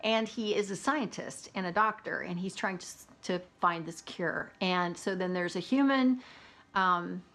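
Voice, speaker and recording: A woman's voice: fairly low pitch, a little slow, fairly bright tone. A woman talking casually about audiobooks she has read, chatty and opinionated, laughing now and then. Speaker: book reviewer. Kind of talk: casual book review chat.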